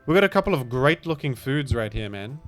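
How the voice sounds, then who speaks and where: A man with a mild Australian accent rambles through casual game commentary at an ordinary pitch. He keeps apologizing for himself, and his remarks often sink into low, mumbled asides. Faint music plays quietly behind him. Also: lively intonation, fairly quick. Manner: rambling, self-deprecating, trails off into mumbled asides. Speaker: gaming streamer.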